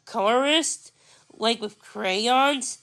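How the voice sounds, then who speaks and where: A woman's voice: a little high, very slow, fairly bright tone, full character voice. A woman reading aloud and voicing a curious, shy young boy in a storybook who asks puzzled questions.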